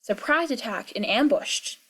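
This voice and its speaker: A woman's voice: fairly high pitch, animated, unhurried, a bit bright, slightly rough. Musing young woman thinking aloud. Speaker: video creator. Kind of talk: casual game lore commentary.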